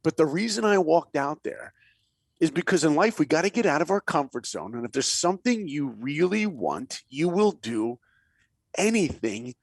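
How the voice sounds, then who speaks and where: A man's voice: a little high, moderate pace, vocal fry, no echo. A man telling stories as a guest in a podcast interview, acting out the voices in his anecdotes and dropping to a whisper for emphasis. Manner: lively storyteller, acts out quotes, drops to a whisper for emphasis. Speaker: guest, animator and director. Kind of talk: animated storytelling in a podcast interview.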